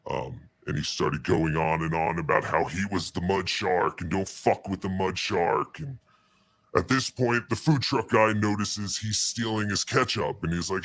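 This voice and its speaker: A man telling a story in a deadpan, halting way as an interview guest. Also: sits low, gravelly. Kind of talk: casual storytelling.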